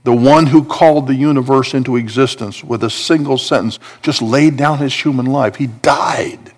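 A man's voice: medium pitch, normal speed. A man preaching a sermon, building intensity with repeated emphatic phrases. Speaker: pastor.

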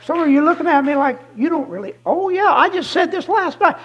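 A guest preacher giving a fiery sermon, emphatic and repetitive, swinging from shouted declarations to hushed asides. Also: very high voice, lively intonation, a little fast, few pauses, low-quality recording.

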